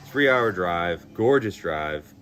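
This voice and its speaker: A man's voice: low voice, expressive, slow pace, a bit bright. A young man chatting casually on a live stream, blunt and swearing a lot, filling his talk with "like". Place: outdoors in a town at night. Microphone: phone. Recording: music playing behind.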